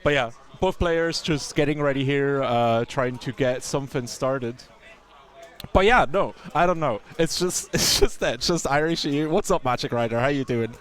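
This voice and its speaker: A man doing live esports commentary on a fighting game from the tournament venue, excitable, chatty and jokey. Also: medium pitch, normal speed.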